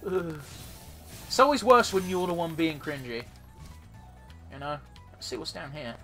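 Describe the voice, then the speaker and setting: A man's voice: a little high, big pitch swings, unhurried, bright, forceful tone, faint music behind. A man casually commentating his own gameplay as a let's play host, rambling and swearing freely.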